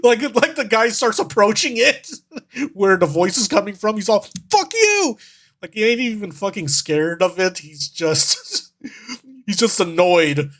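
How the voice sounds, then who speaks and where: A man's voice: high-pitched, normal speed, a bit bright. A man streaming as a vtuber, chatting casually as he reacts to videos, rambling, laughing and swearing.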